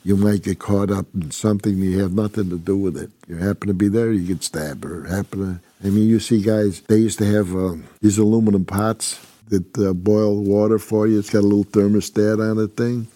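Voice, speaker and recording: A man's voice: fairly low pitch, fairly even intonation, normal speed, hardly any pauses, warm tone, no room sound. An older man from upstate New York, a former prison inmate telling his story in a blunt, rambling, constantly swearing way. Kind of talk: casual profane storytelling.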